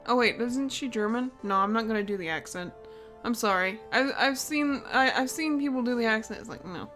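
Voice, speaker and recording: A woman's voice: a little high, a little fast, a bit bright, faint music behind. A woman streamer giving casual, playful let's-play commentary with frequent giggles.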